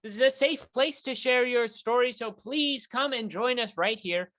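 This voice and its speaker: A woman's voice: on the high side, lively intonation, normal speed, a bit bright. A woman hosting a comedy talk show with a theatrical, hammy announcer delivery, running a mock paranormal call-in segment.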